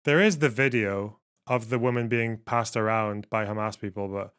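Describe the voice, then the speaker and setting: A man's voice: lowish voice, normal speed, a bit bright, clean tone. A man hosting a livestream, chatting casually and bluntly with frequent swearing and laughter. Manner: profane, blunt, laughs often. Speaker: livestream host.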